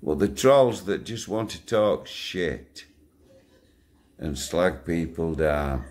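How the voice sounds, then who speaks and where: A man's voice: low voice, animated, takes it slowly, darkish tone. An older man, talking bluntly to his channel's viewers, swearing freely and chuckling through his stories. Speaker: channel owner. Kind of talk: casual rambling monologue to viewers.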